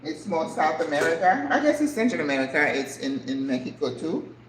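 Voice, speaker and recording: An older woman hosting a cooking vlog, chatting casually and exclaiming excitedly over the food as she plates it. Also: low-pitched, fairly quick, echoey room, a little hiss or hum, rough recording.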